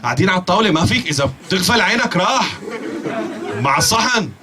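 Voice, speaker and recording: A man's voice: high voice, lively intonation, very fast, a crowd in the background. A man doing self-mocking, chuckling stand-up. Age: 40s. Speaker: stand-up comedian. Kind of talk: stand-up monologue.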